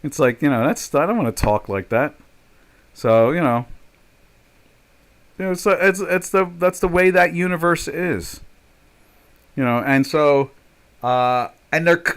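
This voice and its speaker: A man's voice: on the high side, expressive, unhurried, pauses often, a bit bright. An older man chatting casually as a trader on a live stream, rambling and joking, with many fillers and restarts. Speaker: trader hosting a live chat.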